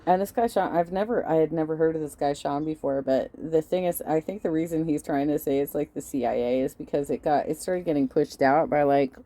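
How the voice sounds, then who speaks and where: Casual reaction host: a woman with a low, warm voice who swears freely. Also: brisk, hardly any pauses. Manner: profane, animated, laughs often.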